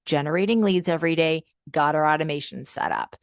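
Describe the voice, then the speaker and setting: A woman working as a customer success manager, leading a software training webinar in an upbeat, chatty, enthusiastic way, often using "like" and "um.". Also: low-pitched, fairly quick, vocal fry, no room sound, clean studio sound. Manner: frequent "like" and "um" fillers.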